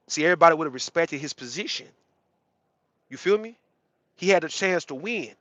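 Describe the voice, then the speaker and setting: Forceful, blunt man on a livestream. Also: on the high side, moderate pace, long pauses, dry recording, dull audio. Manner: blunt, slangy and profane, greets chatters mid-rant. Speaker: livestream host. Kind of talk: casual livestream talk to chat viewers.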